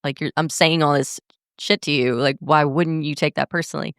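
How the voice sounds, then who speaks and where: A woman's voice: low-pitched, steady tone, brisk, a bit bright, clean tone, no echo, studio quality. A young woman hosting a podcast, talking in a candid, blunt way and swearing freely in a casual monologue. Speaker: podcast host.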